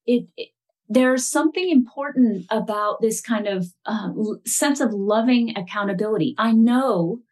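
A woman meditation teacher speaking as a podcast guest in a thoughtful, searching way, often restarting her sentences. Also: fairly high pitch. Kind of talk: casual conversational interview.

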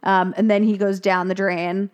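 A young woman talks casually on a podcast, walking through a film scene by scene. She swears easily, fills her talk with "like" and "um", and jumps up into high voices whenever she quotes a character. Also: flat delivery, normal speed, dull audio. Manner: chatty, swears freely, acts out characters' lines in higher voices. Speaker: podcast co-host recapping a film. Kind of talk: casual chat.

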